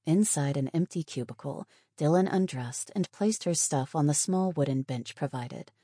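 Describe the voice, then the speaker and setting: A woman narrating an audiobook in a measured, even storytelling manner. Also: low voice, slightly rough, no room sound, clean studio sound. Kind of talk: scripted narration.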